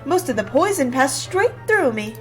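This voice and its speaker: A woman's voice: high-pitched, very animated, moderate pace, faint music behind, low-quality recording. Woman playing a chirpy young bird sidekick. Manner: chirpy and eager. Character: cheerful dim young male bird assistant. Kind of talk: reading game dialogue aloud.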